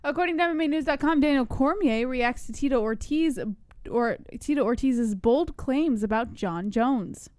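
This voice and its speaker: A woman's voice: sits high, lively intonation, moderate pace, a little mellow, dry recording. A woman co-hosting a news show, reluctant and dryly amused, reading headlines. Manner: dry, reluctant, giggly. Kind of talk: casual chat and news reading.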